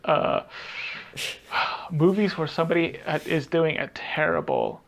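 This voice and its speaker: Gravelly-voiced man rambling on a podcast. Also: a little high, huge pitch swings, slow, fairly bright tone. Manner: rambling, searches aloud for half-remembered titles. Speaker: podcast co-host. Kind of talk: casual podcast chat, movie game.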